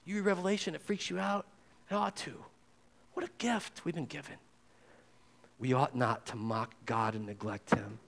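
A man preaching a sermon as pastor, talking straight to his listeners and swinging between loud and hushed. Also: on the high side, steady tone, moderate pace, gravelly, long pauses. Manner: conversational, addresses listeners directly.

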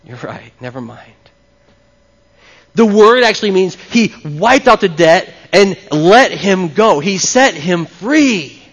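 High-voiced preacher in a reverberant church. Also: male voice, takes it slowly, hardly any pauses. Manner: animated, talks with the congregation. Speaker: pastor. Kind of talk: live sermon. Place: church before a congregation. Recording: long reverb, dull lo-fi sound.

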